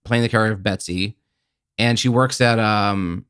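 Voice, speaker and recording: A man talking as a podcast guest in casual film chat, animated, swearing freely and leaning on "like" as filler. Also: fairly low pitch, moderate pace, clear, resonant tone. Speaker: podcast guest, TV and game producer.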